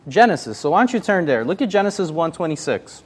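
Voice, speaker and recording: A man's voice: on the high side, sing-song, fast, a little hiss or hum. A man leading a casual Bible study, chatty and full of fillers, often asking the group questions. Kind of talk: casual interactive Bible teaching.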